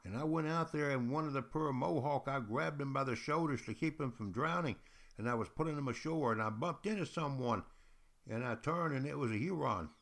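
A man voicing a calm French explorer in a told story, speaking low, quiet and measured. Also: close to an everyday voice. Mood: hushed.

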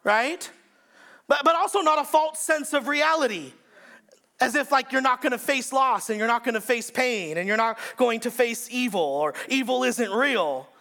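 A male pastor preaching a sermon in an emphatic style, repeating phrases and swinging between shouts and hushed lines. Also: very high voice, lively intonation, normal speed, creaky.

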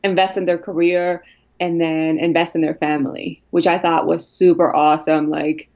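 This woman co-hosts a podcast and is hoarse from a cold, so her voice runs low and a little rough. She chats casually and laughs easily. The recording sounds dull and muffled. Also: little pitch movement, normal speed, darkish tone. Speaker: podcast co-host. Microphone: podcast microphone.

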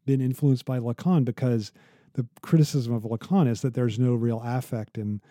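A man co-hosting a conversational academic podcast, telling stories with many halting restarts. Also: mid-range voice, steady tone, mellow, no room sound, studio quality. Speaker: podcast co-host.

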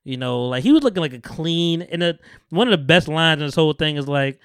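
A podcast host chatting casually, retelling a TV episode with lots of slang and acting out the characters' lines. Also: male voice, on the high side, a little fast, clear, resonant tone, dry recording, clean studio sound. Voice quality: profane, loose slang-heavy delivery. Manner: animated storyteller, acts out characters' lines in voices. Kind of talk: casual chat recapping a TV show.

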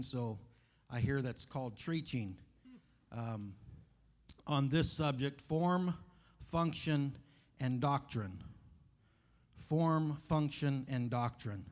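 A man's voice: mid-range voice, darkish tone. A man preaching in a church, reading scripture, praying and telling a folksy story in an earnest, conversational way. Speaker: guest preacher. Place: church sanctuary.

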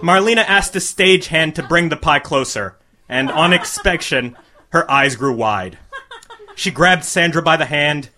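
A man reading a crude comic short story aloud to a live audience, with a deadpan delivery. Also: a little high, unhurried.

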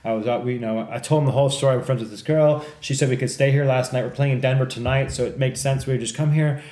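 Man, casual storyteller, profane, animated, acts out characters, roomy echoey sound. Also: mid-range voice, quick pace. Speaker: podcast co-host. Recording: echoey room.

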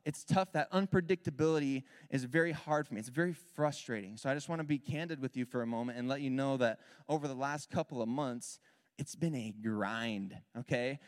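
A man in his thirties, a worship leader telling a candid, animated personal story as part of a sermon. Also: mid-range voice. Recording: long hall reverb.

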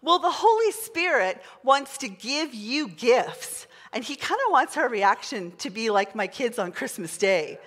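A middle-aged woman pastor preaching a sermon, chatty and excitable, leading the congregation in call-and-response. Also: a little high, a little slow, hardly any pauses. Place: large church hall. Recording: long hall reverb.

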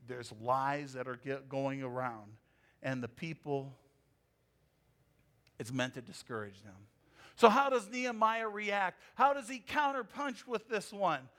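High-voiced pastor preaching with emphatic swings. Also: male voice, a bit bright. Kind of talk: sermon.

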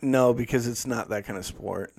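A young man with a gravelly, creaky voice chats casually on a podcast. He tells loose, profane stories in a relaxed way. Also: medium pitch, normal speed. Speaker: podcast co-host. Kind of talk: casual chat.

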